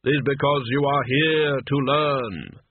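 Stern skeletal reaper voiced by a man, slow, grave, commanding, lo-fi storybook audio. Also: mid-range voice, fairly even intonation, husky, no room sound. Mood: measured. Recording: tinny lo-fi phone-like audio.

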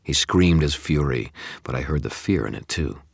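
A man narrates an audiobook with intense, dramatic first-person delivery. His voice sits extremely low and has a husky grain. The recording is dry and close. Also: expressive, moderate pace, no echo.

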